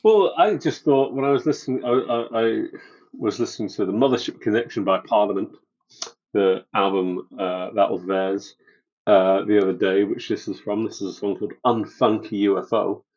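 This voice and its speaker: A man co-hosting a music podcast in casual chat, halting and stammering at times. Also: on the low side, darkish tone. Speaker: podcast co-host. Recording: dull lo-fi mic.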